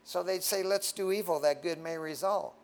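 A man's voice: high voice, moderate pace. A man preaching a casual sermon to a congregation, frank and folksy, often tagging his lines with "man.". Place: standing before a congregation.

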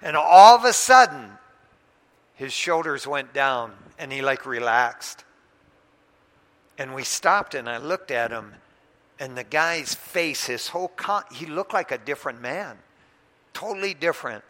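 A man preaching a sermon, telling a story with animated delivery that swings between loud and hushed. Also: a little high, measured pace. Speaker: pastor. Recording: long hall reverb.

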